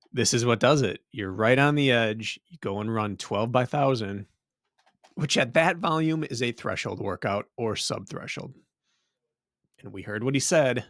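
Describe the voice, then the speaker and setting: A man's voice: on the low side, vocal fry, a bit bright, dry recording, studio quality. A man co-hosting a running podcast, a father, teasing his co-host and laughing often, then explaining the topic with conviction. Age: adult father. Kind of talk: casual podcast banter and topic intro.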